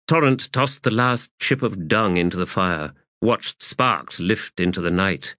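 A man reading fantasy fiction as an audiobook narrator, in a measured, expressive way. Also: low voice, dry recording, clean studio sound.

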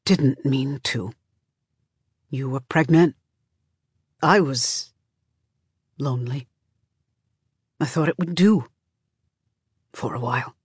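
A woman reading an audiobook voices a frail, dying man who speaks slowly and haltingly in a dry, close recording. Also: low-pitched, no room sound. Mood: weary.

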